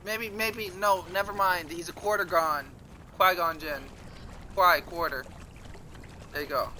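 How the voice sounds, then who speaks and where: A man's voice: high voice, fairly even intonation, unhurried, sharp tone, slight background noise, rough recording. A man telling a rambling, profane story during a casual livestream, sounding exasperated. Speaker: streamer.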